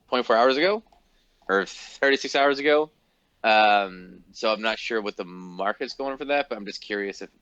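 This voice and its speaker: A man's voice: on the low side, fairly bright tone, no room sound. A man co-hosting a podcast, chatting casually and offering opinions and prices. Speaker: podcast co-host. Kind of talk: casual chat about collectible cards. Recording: slightly dull, lo-fi sound.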